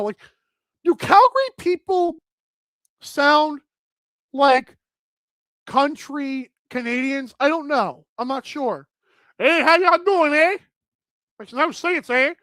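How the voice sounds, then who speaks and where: A bubbly, animated woman chats casually through a fashion segment on a talk show. Her voice sits high, and the close mic gives it a dry sound with no room around it. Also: no echo. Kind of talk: casual chat.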